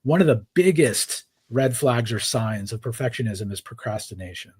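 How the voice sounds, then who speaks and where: A man with a slightly husky voice talks through his ideas as a podcast guest. He explains in a conversational way and keeps checking in with the listener. His pitch sits in a middle range. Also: expressive, moderate pace, darkish tone, no room sound. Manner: explains frameworks with many "right?" tags. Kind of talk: conversational interview.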